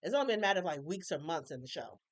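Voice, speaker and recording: A woman recapping a TV episode in casual chat, opinionated and animated, acting out characters' lines with colloquial asides. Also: fairly low pitch, racing, dry recording. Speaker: recap reviewer.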